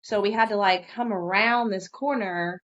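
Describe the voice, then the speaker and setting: A woman co-hosting a podcast, telling a fishing story in casual chat, lively and swearing casually. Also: moderate pace, lo-fi sound. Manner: animated, jumps high when quoting herself, swears casually. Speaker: podcast co-host.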